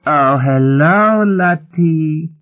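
Man putting on a cooing pouty young woman, high and breathy-sweet, tinny phone-line sound. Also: huge pitch swings, measured pace, full character voice.

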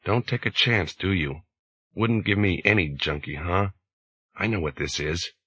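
A man's voice: low voice, a little slow, pushed and bright, breathy edge, full character voice. A man reading an audiobook and voicing a desperate, bitter young man who swears and pleads. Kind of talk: audiobook character voice.

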